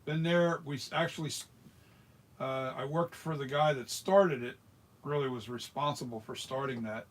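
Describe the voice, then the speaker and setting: He's a middle-aged mask maker from South Jersey whose medium-pitched voice moves at a normal speed. While working, he chats casually in the workshop, rambling, restarting and muttering to himself.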